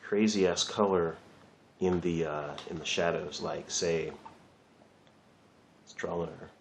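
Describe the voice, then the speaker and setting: A man's voice: deep voice, steady tone, a little slow, slight background noise. A man giving a casual, rambling drawing lesson while he works, chatting loosely and swearing lightly. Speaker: art teacher.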